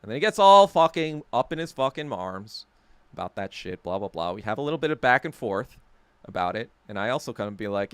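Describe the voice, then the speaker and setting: A man's voice: on the low side, very animated, brisk, fairly bright tone, smooth, dry recording. A man hosting a podcast, telling a story in a heated, profane, sarcastic rant. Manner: sarcastic, laughing at himself. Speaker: podcast host. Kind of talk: casual rant.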